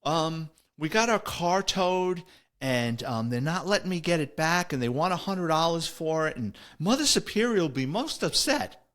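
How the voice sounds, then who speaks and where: A man's voice: fairly high pitch, expressive, normal speed, a bit bright, voice pushed up. A man voicing a tearful young nun who pleads hesitantly. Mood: pleading.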